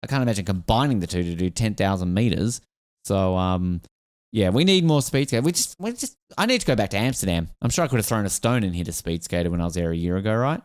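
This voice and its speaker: A man's voice: on the low side, smooth, no echo, clean studio sound. A man hosting a casual sports podcast, rambling and jokey, laughing often. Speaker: podcast host.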